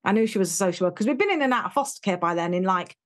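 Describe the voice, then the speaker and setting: A middle-aged woman with an English accent, sharing her own story as an interview guest. She talks frankly and with a lot of life, slipping into the voices of people she quotes. Her laughs come quickly between tough memories. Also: medium pitch, expressive.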